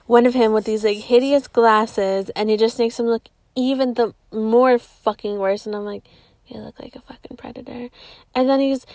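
Profane, animated young woman podcaster. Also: on the high side, no room sound. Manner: profane, animated, drops to whispers for asides. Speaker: podcast host. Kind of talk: casual storytelling.

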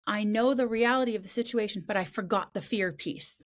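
A woman hosts a casual podcast roundtable in an eager, quick, chatty way. She tells stories by acting out both sides of the talk and drops casual swear words as she goes. Her voice sits at an everyday middle pitch. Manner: fast, excitable, swears casually; animated storytelling with quoted voices. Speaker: podcast host.

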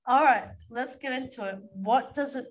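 A woman's voice: sits high, moderate pace, poor audio. An Australian woman co-hosting a casual chat show, talking earnestly and often repeating her phrases as she builds a point.

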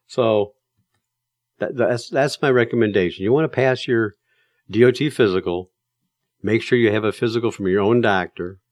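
A man's voice: fairly low pitch, moderate pace, no echo. A man giving casual, emphatic advice to drivers, telling stories in a plain-spoken way with plenty of fillers.

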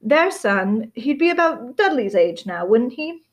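A woman's voice: a little high, sing-song, measured pace. Lady doing a fussy nervous middle-aged husband, hesitant, trying to sound casual. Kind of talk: audiobook reading.

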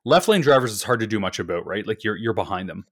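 Low, ranting man. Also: lively intonation, quick pace, husky, dry recording, studio quality. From Canada. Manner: profane, ranting, exasperated storytelling. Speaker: podcast co-host. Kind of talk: casual chat.

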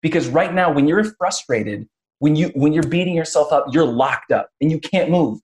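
A man hosting a conversational interview, telling a lively story and acting out the voices of people in it. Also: a little high, moderate pace. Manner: animated storyteller, acts out quotes. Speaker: podcast host.

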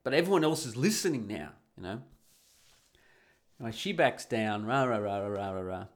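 A man's voice: lowish voice, animated, fairly quick. Man telling a rambling, profane story. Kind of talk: casual anecdote.

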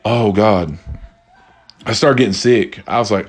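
A man telling a casual story to viewers, animated and exasperated, rambling and repeating himself. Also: lowish voice, measured pace, husky.

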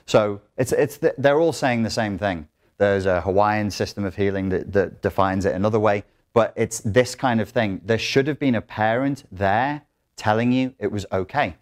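A man's voice: on the low side, moderate pace. Blunt, profane man giving a workshop talk. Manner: blunt, profane, joking, with laughs and restarts. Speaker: workshop speaker. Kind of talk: live workshop talk to an audience.

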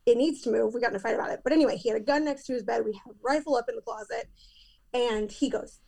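A woman's voice: on the high side, quick pace, vocal fry, warm tone. A woman in her thirties, a podcast guest, telling a painful personal story in a candid, emphatic way.

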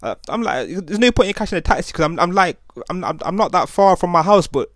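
A young man rattles through a personal story at a quick clip. His talk is slangy and rambling, with plenty of restarts and tag questions. The sound is dry and close, with no room around it. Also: high voice, lively intonation, a bit bright, no room sound. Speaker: podcast host. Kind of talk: casual storytelling monologue.

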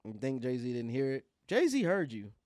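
A man co-hosting a sports podcast, playful and animated, repeating lines for emphasis. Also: mid-range voice, normal speed, no echo, clean studio sound. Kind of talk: casual sports chat.

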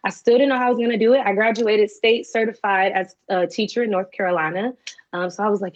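A young woman in her twenties, an interview guest telling her story in an animated way and acting out the voices of others. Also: medium pitch, fast. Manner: animated, acts out quoted voices. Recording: dull lo-fi recording.

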